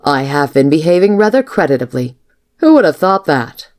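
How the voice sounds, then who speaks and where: A woman reading the lines of a flustered, lovestruck male army major in a storybook, in a low plain voice. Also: big pitch swings, normal speed, darkish tone. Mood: musing.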